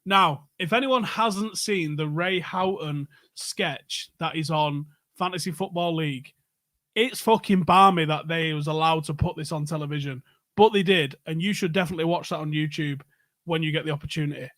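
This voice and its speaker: A male host running a pub quiz over a live stream, chatting loosely and peppering his talk with swearing. His voice sits a little on the high side. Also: moderate pace, fairly bright tone. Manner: jokey, swears freely. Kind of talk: casual live-stream banter.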